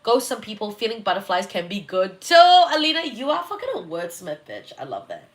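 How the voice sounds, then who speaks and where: A woman's voice: mid-range voice, huge pitch swings, fairly quick, a little hiss or hum. Young Kiwi-woman, astrology streamer; loose, giggly, sweary, answers chat as she goes. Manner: chatty, giggly, swears, reacts to viewer comments. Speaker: astrologer hosting a live reading. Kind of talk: casual livestream chat.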